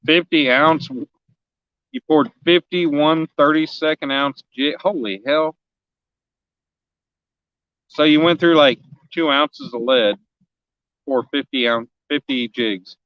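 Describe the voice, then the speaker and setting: A man's voice: a little high, slow, pauses often, clean tone, no echo, lo-fi sound. A man in his forties, a fishing vlogger chatting casually on a live stream outdoors, joking and teasing his viewers as he rambles. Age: 40s. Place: outdoors on a riverbank.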